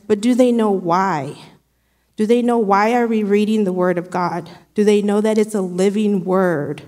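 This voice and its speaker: A woman's voice: mid-range voice, fairly even intonation, normal speed, darkish tone, in a large hall. A woman sharing an earnest, conversational devotional with her church. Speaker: church speaker.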